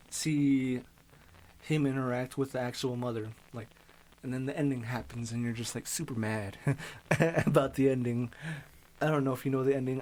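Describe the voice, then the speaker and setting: A man's voice: medium pitch, poor audio. A man co-hosting a podcast, chatting casually about shows he rewatches, laughing and swearing often. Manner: animated, laughing, quoting movie lines, swears. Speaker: podcast co-host. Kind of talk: casual chat.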